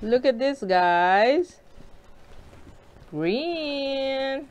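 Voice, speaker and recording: Slow, cheerful woman eating on camera. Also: high-pitched, animated, a little hiss or hum. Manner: cheerful, giggly, addresses viewers as guys. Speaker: mukbang vlogger. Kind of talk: casual mukbang chat while eating. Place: home kitchen.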